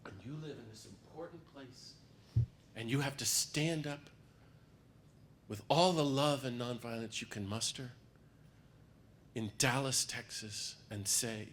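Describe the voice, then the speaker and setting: A man's voice: medium pitch, unhurried, long pauses, fairly bright tone. A man, a priest, giving a passionate, emphatic talk to a gathering while speaking through a cold. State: has a cold. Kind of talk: public talk to a peace group.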